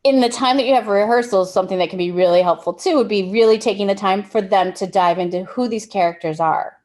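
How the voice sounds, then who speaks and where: A woman's voice: medium pitch, fast talker, darkish tone. A woman giving a casual workshop talk on directing actors, explaining with everyday examples and often restarting her sentences. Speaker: film directing instructor.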